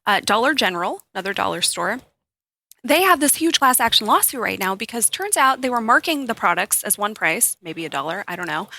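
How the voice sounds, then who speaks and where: A woman's voice: mid-range voice, very animated, sharp tone, no room sound. A woman co-hosting a podcast, explaining things chattily in casual conversation. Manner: chatty, quick to laugh. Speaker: podcast co-host. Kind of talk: casual chat.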